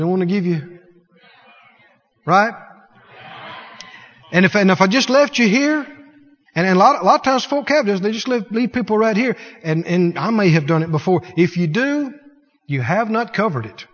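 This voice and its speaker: A male preacher with a high voice delivers an animated sermon, breaking into shouts and scornful laughter as he acts out little scenes. His voice rings with a long hall reverb. The sound is dull and lo-fi. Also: normal speed, pauses often.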